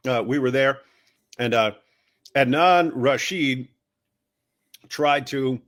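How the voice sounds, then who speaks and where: A man co-hosting a casual chat, telling a story with teasing humor and swinging into mocking voices for the people he quotes. His voice sits at a middling pitch. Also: slow pace, a bit bright. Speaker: co-host.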